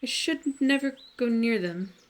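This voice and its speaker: A woman voicing a sly, wary male fox who pauses to weigh his words. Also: on the high side, lively intonation, voice pushed up. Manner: measured, reflective pauses.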